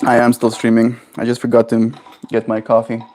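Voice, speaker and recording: A man's voice: mid-range voice, completely flat delivery, brisk, a little mellow, slight background noise. A man streaming live, musing in a casual way and answering his chat's questions. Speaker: daily livestreamer. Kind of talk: casual livestream chat with viewers.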